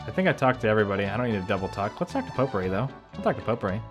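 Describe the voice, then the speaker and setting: A man's voice: lowish voice, sing-song, very fast, hardly any pauses, music in the background. Chatty man doing game commentary. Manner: chatty, thinks out loud, rambling asides. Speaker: gameplay YouTuber. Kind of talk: casual let's-play commentary.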